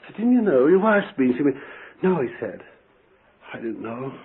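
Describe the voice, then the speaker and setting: A man preaching a sermon, telling a story with animated fervor and bursts of shouting. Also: medium pitch, moderate pace. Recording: tinny phone-like old tape.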